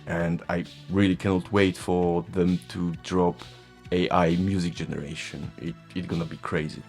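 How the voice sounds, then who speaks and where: A Polish man, a native Polish speaker with a matching accent, chats casually about tech as a vlogger, often chuckling at himself in a self-mocking way. His voice is low-pitched and a little mellow, with little pitch movement and a normal speed. Faint music plays in the background.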